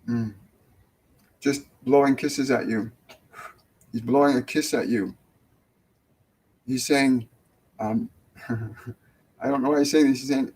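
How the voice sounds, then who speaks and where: A man hosting a live mediumship show, relaying messages gently and hesitantly, with many fillers and restarts. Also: medium pitch, fairly even intonation, slow, pauses often, slightly rough, low-quality recording. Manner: soft, dropping almost to a whisper when relaying tender messages. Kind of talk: casual live mediumship reading.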